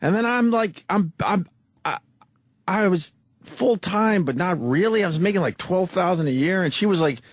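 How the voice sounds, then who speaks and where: A man's voice: sits high, expressive, normal speed, dry recording. A man co-hosting a radio talk show, telling stories in a blunt, profane, casual way from a studio mic.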